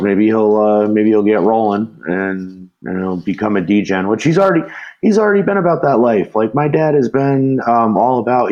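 A man's voice: mid-range voice, a little mellow, muffled recording. A man hosting a podcast in casual chat, telling rambling stories with many restarts and chuckles. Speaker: podcast host.

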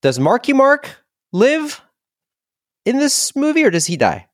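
Dry-sounding animated male co-host. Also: extremely high pitch, measured pace, dry recording. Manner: animated storytelling. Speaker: podcast co-host. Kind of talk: casual comedic chat about movies.

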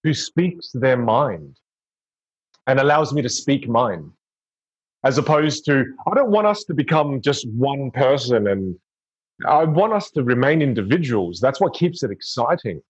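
A man's voice: mid-range voice, sing-song, a little slow, breathy edge. A man talking earnestly and reflectively in casual conversation, often restarting his sentences. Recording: dull lo-fi sound.

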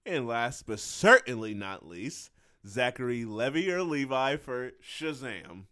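A man's voice: medium pitch, very animated, unhurried, bright, forceful tone, dry recording, studio quality. A man co-hosting a casual podcast, playfully reading out lists and laughing often. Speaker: podcast co-host.

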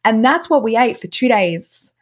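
A woman's voice: a little high, moderate pace. Chatty woman telling a travel story. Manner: animated, filler-heavy with frequent "like". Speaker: podcast guest. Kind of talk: casual storytelling.

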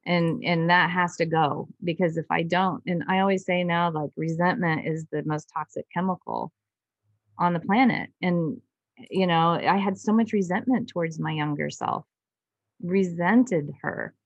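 A woman's voice: lowish voice, fairly even intonation, unhurried, dry recording, highs cut off. A woman guest on an interview podcast, telling a personal story in an earnest, emotional way, often restarting her sentences. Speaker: guest doctor.

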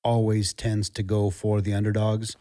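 A man's voice: lowish voice, completely flat delivery, normal speed, mellow. A man interviewing a pastor, speaking frankly and reflectively as he asks his questions. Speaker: podcast interviewer. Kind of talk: conversational interview.

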